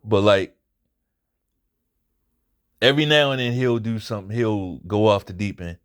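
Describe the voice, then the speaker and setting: A man's voice: on the low side, unhurried, clear, resonant tone. Blunt, profane man ranting about a fight. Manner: blunt, profane, emphatic, repeats points for emphasis. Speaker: boxing commentary channel host. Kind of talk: casual fight recap rant.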